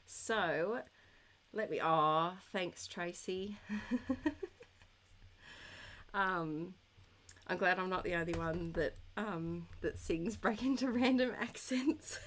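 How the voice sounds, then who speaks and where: A woman's voice: lowish voice, extremely slow, long pauses, fairly bright tone. A woman live-streaming scrapbooking from home, chatting casually with viewers, giggly and thinking aloud with lots of ums. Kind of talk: casual chat while crafting, reading viewer comments.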